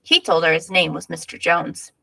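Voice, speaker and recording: A woman reading a picture book aloud with expressive storytelling. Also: lowish voice, moderate pace, vocal fry, no echo, rough recording. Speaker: reader.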